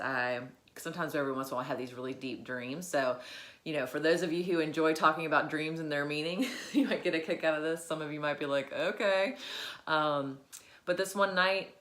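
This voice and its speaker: A woman with a low voice shares a personal reflection on her faith, pausing often and filling gaps with soft hesitations. The room around her is echoey, so her voice rings a little off the walls. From Virginia, USA. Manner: halting, many fillers, grows emotional. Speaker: vlogger.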